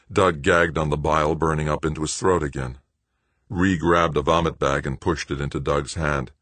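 Deep-voiced male audiobook narrator. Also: steady tone, normal speed, a bit bright, no room sound.

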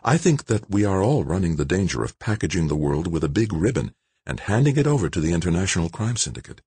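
A man's voice: low-pitched, big pitch swings, fast talker, mellow, breathy edge, dry recording, pitched above the performer's own voice, heavily acted. A man voicing a determined woman politician who speaks firmly and urgently. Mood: earnest, urgent. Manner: firm, earnest and urgent.

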